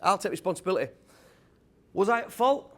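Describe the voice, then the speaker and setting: High-voiced British man, lively stage talk. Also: brisk. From United Kingdom. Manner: energetic, quizzes the crowd, blunt tradesman talk. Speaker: speaker at a property event. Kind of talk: motivational talk to a live audience.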